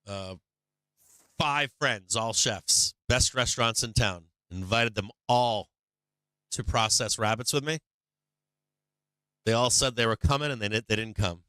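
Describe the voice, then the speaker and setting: A man's voice: fairly low pitch, unhurried, pauses often, sharp tone, clear, resonant tone, no echo. A man hosting a livestream, chatting casually in a rambling, profane way and answering his chat. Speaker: livestream host.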